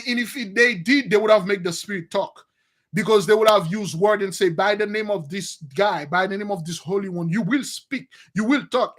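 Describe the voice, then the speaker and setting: A man with a voice that sits high speaks as a religious teacher, offering preaching-style commentary on a TV series. His delivery is excitable, scornful and repetitive.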